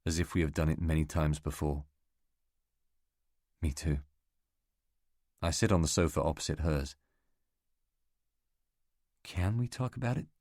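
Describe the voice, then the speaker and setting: A man narrating a novel as an audiobook reader, in a measured, even delivery. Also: rumbling low, no echo, clean studio sound. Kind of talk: scripted narration.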